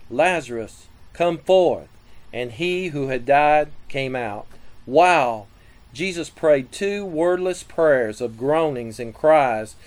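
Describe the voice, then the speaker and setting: A man giving a scripted sermon teaching on prayer, reading scripture and listing numbered points in a measured way. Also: mid-range voice, darkish tone, low-quality recording. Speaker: preacher.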